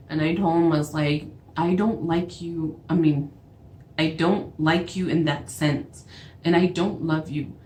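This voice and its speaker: A woman's voice: deep voice, fairly even intonation, measured pace, a little mellow. A young woman with a Navajo accent telling a storytime vlog, acting out both sides of phone calls as she retells them. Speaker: vlogger. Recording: echoey room with faint background noise.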